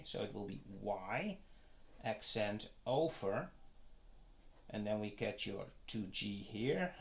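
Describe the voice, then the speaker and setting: Slow, methodical man teaching math. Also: fairly low pitch, vocal fry. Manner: methodical, step-by-step, frequent "okay?" checks. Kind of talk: math lecture.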